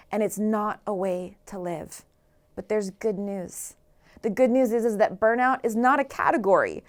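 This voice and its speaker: A woman author giving an earnest motivational talk, asking the listeners rhetorical questions. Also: medium pitch. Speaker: author and speaker.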